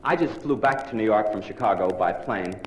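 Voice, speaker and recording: A man's voice: lowish voice, brisk, very noisy. A man in his forties, a psychologist giving a theatrical, punchline-driven comic lecture to a live audience. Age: 40s. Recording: roomy live hall on early 1960s vinyl. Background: audience laughter.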